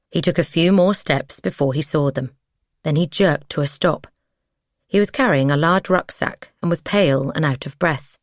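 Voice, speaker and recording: A woman narrating a true crime audiobook in a measured, even storytelling manner on a close mic. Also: deep voice, no room sound.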